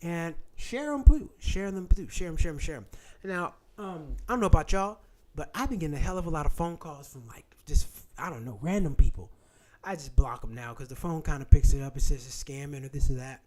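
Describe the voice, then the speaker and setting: Host, man, blunt and profane, high-pitched and animated. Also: a little fast. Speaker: channel host. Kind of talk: casual livestream talk.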